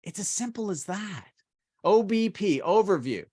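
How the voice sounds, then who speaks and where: Man, middle-aged sales trainer, fairly high voice, energetic emphatic coaching. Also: moderate pace. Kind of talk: instructional talk to car salespeople.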